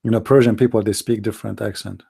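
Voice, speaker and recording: A man's voice: on the low side, fairly even intonation, fast, vocal fry, warm tone, breathy edge. A man hosting a live online call-in debate. He speaks heated, non-native English and keeps pressing with rhetorical questions. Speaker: host of a call-in debate show.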